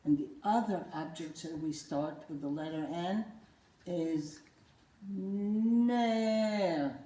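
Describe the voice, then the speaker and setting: Slow-spoken grandmotherly woman teaching children. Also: fairly low pitch, warm tone. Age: older. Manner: slow, playful, coaxing, repeats words for kids to echo. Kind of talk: children's lesson with a puppet. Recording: roomy echo.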